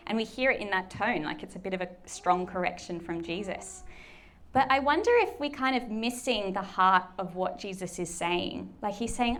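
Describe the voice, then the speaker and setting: A woman's voice: mid-range voice, expressive, moderate pace. A woman preaching a sermon in a conversational, chatty way, acting out quoted lines playfully. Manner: conversational, chatty, with lots of fillers.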